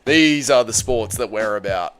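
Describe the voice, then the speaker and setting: A man's voice: fairly low pitch, normal speed. An Australian man hosting a live stream, reading out viewer comments and answering them with blunt, laddish banter full of slang and swearing. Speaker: MMA live-stream host.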